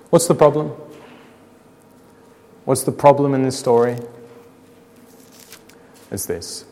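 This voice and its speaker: Dramatic male preacher in a reverberant hall. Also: medium pitch. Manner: dramatic storytelling, rhetorical questions, slows and drops quiet for emphasis. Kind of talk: sermon.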